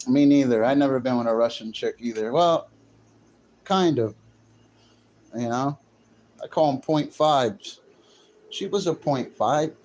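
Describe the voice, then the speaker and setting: A man's voice: medium pitch, a little slow, pauses often, darkish tone. A man livestreaming, chatting brashly and jokingly straight to his viewers with plenty of slang. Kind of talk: casual livestream chat.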